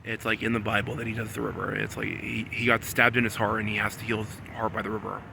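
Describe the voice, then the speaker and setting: A man in a rambling solo monologue, repeating himself and swinging between low muttering and loud, insistent scolding. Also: level tone, fast talker, creaky, noisy background. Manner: repetitive, talks about himself in the third person. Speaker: vlogger.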